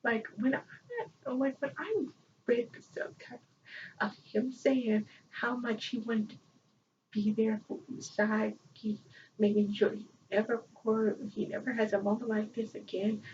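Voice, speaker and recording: A woman chatting casually as a vlogger, excitable and rambling, often breaking into laughter. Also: on the high side, measured pace. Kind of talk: casual chat. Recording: distant, dull lo-fi mic with faint noise.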